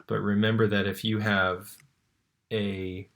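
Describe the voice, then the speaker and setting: A man teaching Latin grammar in a relaxed tutorial, often checking in with "right?" and "okay?". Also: on the low side, takes it slowly, noisy background. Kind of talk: tutorial walking through a screen lesson.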